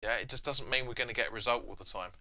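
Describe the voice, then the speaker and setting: A young man hosts a live football watch-along, reading out viewer comments and talking back to them in a loose, chatty way. His voice is very bright and forward, at a middle pitch, and now and then he erupts into shouts at the match. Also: very fast. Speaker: fan channel host.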